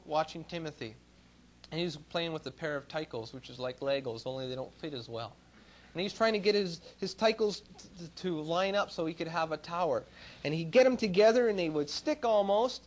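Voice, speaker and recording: A middle-aged man from Canada preaching a sermon in a church, telling folksy stories and swinging between loud emphasis and low asides. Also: a little hiss or hum.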